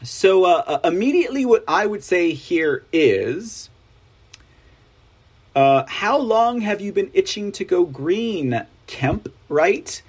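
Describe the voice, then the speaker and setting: Sarcastic Texan man with a husky voice. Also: sits high, very animated, slow pace. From Texas. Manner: sarcastic, rambling asides with frequent "right?". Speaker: news show host. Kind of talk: opinionated commentary reading news.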